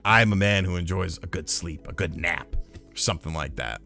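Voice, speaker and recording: A man casually telling a profane story on a live stream, getting loud and heated when he retells a fight. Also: deep voice, moderate pace, vocal fry, soft background music. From lived in North Carolina.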